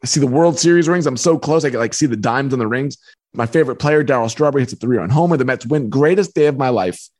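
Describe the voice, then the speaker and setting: A man, a book author and podcast guest, telling a personal story in a lively way. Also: medium pitch, fast. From New York. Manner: lively, acts out voices in anecdotes. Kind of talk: animated storytelling.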